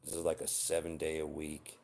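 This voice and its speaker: A man's voice: rumbling low, completely flat delivery, moderate pace, a little mellow. A man in his forties giving blunt, profane, earnest relationship advice in an unscripted personal monologue. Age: 40s. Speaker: vlogger.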